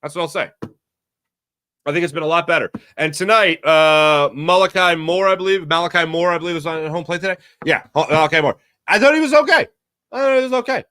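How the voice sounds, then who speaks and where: A man's voice: fairly high pitch, fairly quick, no echo, clean studio sound. A man hosting a postgame baseball show, talking casually and emphatically with his live chat. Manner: animated, emphatic, repeats himself for effect. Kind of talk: casual sports talk, reading live chat.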